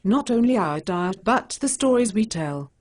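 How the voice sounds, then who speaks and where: A blunt, stubborn female cat superhero from an animated short, spoken by a computer voice. She has a slightly husky, mid-height voice that jumps around in pitch. She speaks in short, flat statements. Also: normal speed, lightly acted. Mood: conceding. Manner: plain, blunt, defensive. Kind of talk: synthetic animated dialogue.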